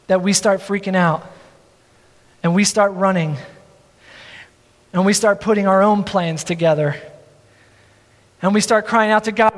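A male pastor preaching a sermon with earnest, drawn-out emphasis and self-deprecating asides. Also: sits high, long reverb tail.

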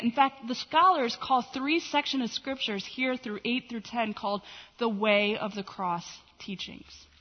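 A woman with a slightly high voice teaches through scripture in a casual, animated way, slipping into quoted voices as she tells the story. Her voice carries a long echo from a large hall. The recording sounds dull and muffled. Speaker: teacher of a Bible study. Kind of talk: Bible teaching talk.

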